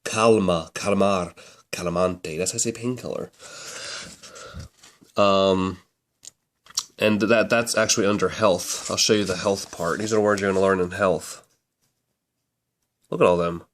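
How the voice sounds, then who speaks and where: A man's voice: low-pitched, fairly even intonation, moderate pace, long pauses. A man casually reviewing a language book, chatty and rambling, often correcting himself mid-sentence.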